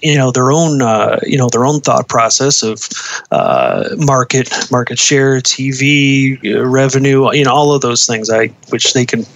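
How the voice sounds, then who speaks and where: A man's voice: mid-range voice, lively intonation, a little slow. A man who works as a uniform designer, speaking casually in an interview, with many ums, uhs and restarts. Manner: hesitant, many fillers and restarts.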